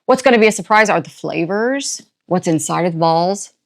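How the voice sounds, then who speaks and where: An older woman hosting a casual unboxing, chatty and playful with quick asides and a jokey put-on country twang. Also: on the low side, lively intonation, creaky. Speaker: unboxing channel host. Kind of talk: casual product unboxing chat.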